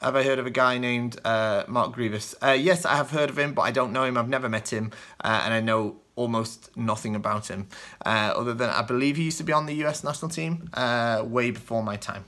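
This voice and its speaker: A man's voice: medium pitch, fairly quick, pushed and bright. A British man from the UK hosting a kendo show, answering viewer questions in loose, rambling casual chat with many ums and restarts.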